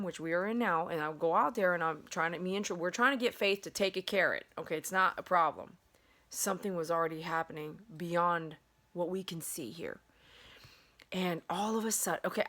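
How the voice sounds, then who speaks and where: A dog groomer and channel host vlogs casually from her bedroom, her story wandering with lots of fillers and false starts. She has a lowish voice with a fairly bright tone.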